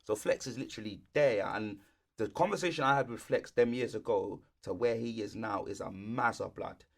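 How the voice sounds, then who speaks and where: A young man, co-hosting a podcast in relaxed chat full of street slang. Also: fairly low pitch, normal speed, vocal fry. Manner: laid-back, heavy street slang. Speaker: podcast co-host. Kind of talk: casual chat.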